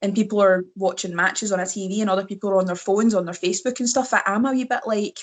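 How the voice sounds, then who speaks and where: A woman with a Scottish accent, a wrestler talking as a guest in casual chat, slightly hoarse and laughing often between fillers. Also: mid-range voice, fairly even intonation, fast.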